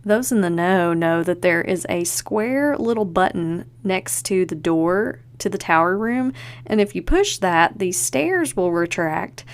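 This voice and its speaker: A young woman hosting a podcast in a casual, chatty way, full of quick asides and acted-out quotes. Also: lowish voice. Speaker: podcast host. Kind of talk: casual chat.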